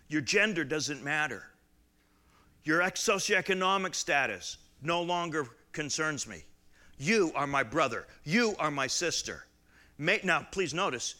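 A man preaching a sermon who shifts between casual, restart-filled asides and loud, emphatic climaxes. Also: on the high side. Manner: builds to loud emphatic climaxes, then drops to quiet asides; conversational, with repeated restarts and folksy asides. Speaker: pastor.

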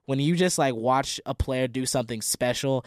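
A man's voice: medium pitch, moderate pace, dry recording, studio quality. A man talking casually and earnestly about a college basketball coach on a sports podcast. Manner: earnest, reflective storytelling.

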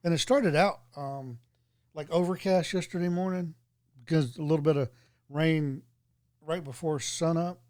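A man's voice: a little high, steady tone, moderate pace, darkish tone, dry recording, studio quality. A man talking in an easygoing way, full of fillers, in casual chat. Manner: easygoing, filler-heavy talk.

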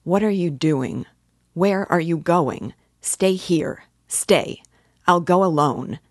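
A woman reading the lines of a restless young male student, delivered with incoherent, self-mocking agitation in a low, unhurried voice. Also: dry recording, clean studio sound, heavily acted. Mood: agitated.

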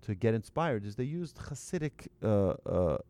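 A religious teacher tells a story to an audience in a warm, fairly low voice that is very animated. The talk is conversational and halting, with restarts and light asides directed at the listeners.

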